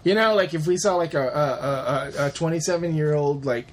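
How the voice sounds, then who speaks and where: Low-voiced woman in offhand chat. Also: a little fast. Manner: offhand, rambling, dry jokes and swearing. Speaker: podcast co-host. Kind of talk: casual chat.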